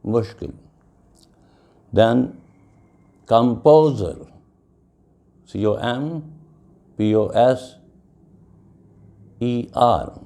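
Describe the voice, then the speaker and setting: A middle-aged man delivers a classroom lecture at a very slow, measured pace. His voice is low, dark and gravelly, and he spells out each word letter by letter. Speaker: English teacher.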